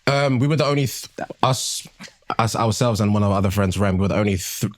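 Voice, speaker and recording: A man's voice: fairly low pitch, quick pace, dry recording, studio quality. A British man from the UK, a podcast guest, chatting casually with short replies. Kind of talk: casual chat.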